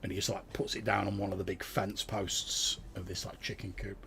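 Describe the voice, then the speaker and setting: A man's voice: deep voice, flat delivery, fairly quick, a bit bright. A man narrating a tabletop game as game master, loose and full of fillers. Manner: many fillers, describes scenes loosely.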